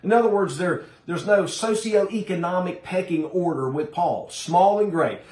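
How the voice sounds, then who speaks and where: A man's voice: high-pitched, moderate pace, a little mellow, reverberant. A man preaching a sermon to his congregation, emphatic and direct, calling his listeners folks. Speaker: pastor.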